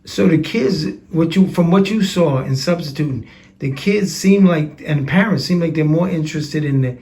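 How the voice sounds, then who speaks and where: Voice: mid-range voice, moderate pace, dark tone. An interviewer asking short questions and giving brief encouraging prompts.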